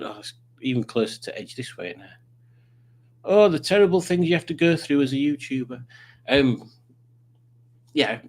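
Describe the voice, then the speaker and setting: A man chatting casually on a livestream, rambling and reading out viewer comments. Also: medium pitch. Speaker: livestreaming YouTuber.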